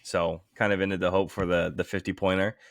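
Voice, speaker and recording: A man co-hosting a podcast, chatting about sports in an easygoing, relaxed way. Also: low-pitched, brisk, no room sound, studio quality. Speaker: podcast co-host. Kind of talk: casual sports chat.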